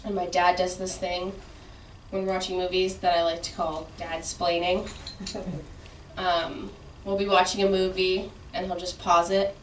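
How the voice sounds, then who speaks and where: A woman trying out a stand-up bit in a comedy class, with a soft, understated delivery. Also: on the low side, level tone, moderate pace, a little hiss or hum. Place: class room. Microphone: far room mic. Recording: roomy distant room recording.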